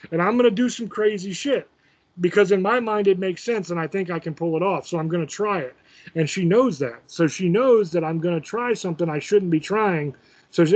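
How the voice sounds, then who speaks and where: A man's voice: sits high, dull audio. A man casually telling a profane, self-mocking story as host of his own show.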